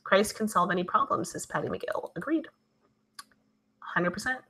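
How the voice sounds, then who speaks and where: A woman's voice: medium pitch, moderate pace, long pauses, pushed and bright. A woman hosting a live stream, reading viewer comments aloud and answering them in a chatty, conversational way. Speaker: livestream host reading viewer chat. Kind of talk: casual live-stream chat.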